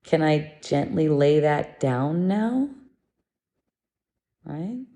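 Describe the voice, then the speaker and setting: A woman giving a gentle, meditative spiritual lesson, speaking in a soothing, unhurried way. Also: sits low, animated. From living in Mexico. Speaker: spiritual teacher.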